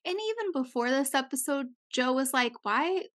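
A woman co-hosting a casual podcast, her voice sitting a little high. She talks expressively, swears and acts out quotes from other people. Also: animated, a little fast. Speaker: podcast co-host. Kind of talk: casual chat.

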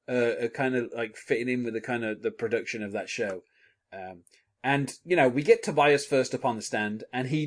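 A man hosting a podcast, chatting enthusiastically about a TV episode, with frequent chuckles and fillers. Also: medium pitch. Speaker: podcast host. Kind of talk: casual TV episode discussion.

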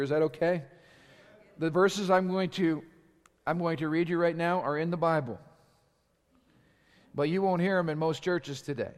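A male pastor preaches to his congregation, his voice sitting a little high for a man. He throws out rhetorical questions and pushes his volume up as he drives each point home. The sound carries the long reverb of a big hall. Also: a little mellow. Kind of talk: sermon.

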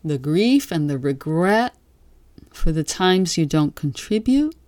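Slow, gentle woman giving a dharma talk. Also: low-pitched, big pitch swings, no room sound. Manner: slow, gentle, reflective with long pauses. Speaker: meditation teacher.

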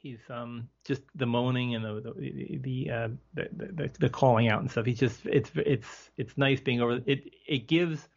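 A man appears as a podcast guest in a casual movie discussion, giving his opinions loosely and hesitantly with lots of fillers and restarts. He speaks at a moderate pace with vocal fry and hardly any pauses, his voice sits at a middle pitch, and the recording sounds slightly dull and lo-fi.

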